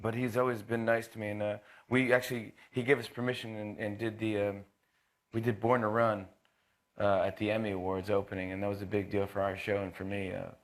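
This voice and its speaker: A talk show host in his thirties tells a casual anecdote, restarting often, slipping into quick impressions and laughing along the way. His pitch is fairly low and his tone stays level.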